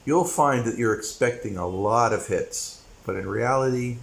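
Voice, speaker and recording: A man's voice: mid-range voice, moderate pace, gravelly, poor audio. A man hosting a commentary channel, delivering a rambling, opinionated monologue with sudden bursts of emphasis.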